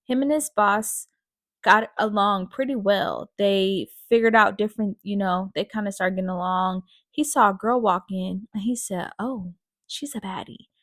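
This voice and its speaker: A woman's voice: medium pitch, normal speed, a bit bright, no echo. A woman host retelling a story in a chatty, casual way, with many fillers. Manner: chatty, full of fillers like "like" and "you know". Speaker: podcast host.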